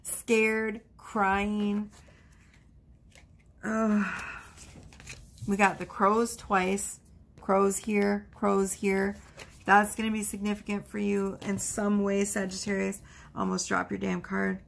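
A woman's voice: medium pitch, little pitch movement, slow, vocal fry. A woman giving a casual tarot card reading, chatty and reassuring, with frequent exclamations. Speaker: tarot reader.

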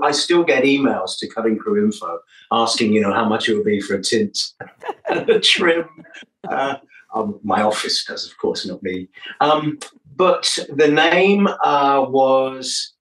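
A man's voice: mid-range voice, fairly bright tone. An older man, a musician guest, telling stories in a chatty, jokey way during an interview. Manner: chatty, jokey storyteller, laughs often. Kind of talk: casual interview chat. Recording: roomy, from a distance.

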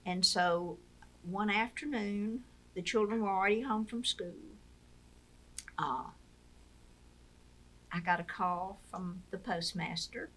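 Slow and full of long pauses, this older woman speaks in a medium-pitched, fairly bright tone. Interviewed as the wife of a former POW, the Mississippi native tells stories conversationally and voices the people she quotes.

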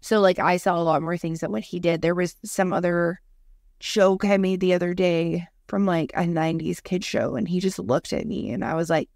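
A young adult woman co-hosting a podcast in casual chat, talking fast with lots of "like" and acting out quotes. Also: fairly low pitch, steady tone, vocal fry, darkish tone, no echo, studio quality. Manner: chatty, fillers like "like", acts out quotes. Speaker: podcast co-host.

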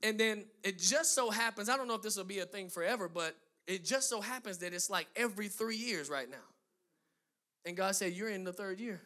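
A high-pitched man delivering a sermon in a bright, cutting tone. He builds emphatic runs of phrases, then turns to chatty asides aimed at his listeners. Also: a little fast. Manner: emphatic preaching with rising, driving lists; conversational asides to the congregation. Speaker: pastor.

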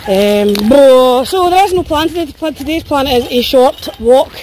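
A woman's voice: high-pitched, moderate pace, a little mellow, slight background noise. A Scottish woman walking her dogs and chatting to a phone, tired and sore, swearing and chattering as she goes. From Scotland. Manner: chatty, swearing, voicing her dogs' thoughts. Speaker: dog walker vlogger. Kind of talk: casual walking vlog. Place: outdoors in woods on a walk.

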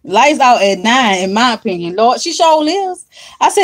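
A woman's voice: on the high side, lively intonation, normal speed. A woman hosting a casual livestream from her makeup desk at home, chatty and drawling as she greets viewers by name.

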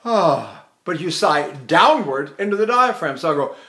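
An older man teaching vocal technique, explaining calmly and breaking into operatic tenor singing and short staccato exercises. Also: a little high, moderate pace. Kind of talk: vocal technique lesson with sung demonstrations.

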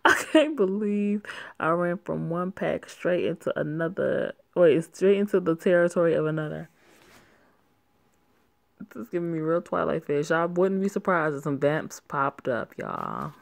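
A woman's voice: lowish voice, very animated, measured pace, gravelly, no room sound. A young woman reading a werewolf story aloud, breaking off for sassy, laughing asides and swearing. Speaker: story reader.

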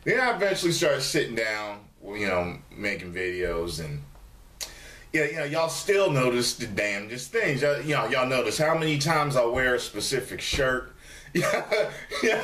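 A man vlogging casually to camera from the dining room of his studio apartment, animated and profane, and he mimics his commenters in a raised voice. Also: mid-range voice, normal speed, reverberant, slight background noise.

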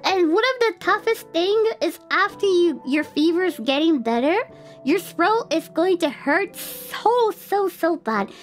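Woman, streamer, very high voice, lively pitch, getting over an illness, faint music behind. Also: measured pace. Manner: animated, laughing storytelling with mock shouting. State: recovering from sore throat illness. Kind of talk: casual stream chat.

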